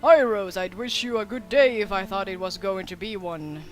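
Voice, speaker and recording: A woman's voice: mid-range voice, moderate pace, soft background music, close to an everyday voice. A woman reading game dialogue aloud, voicing a hot-tempered young man who rants and blames his brother. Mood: angry. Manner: exasperated, ranting.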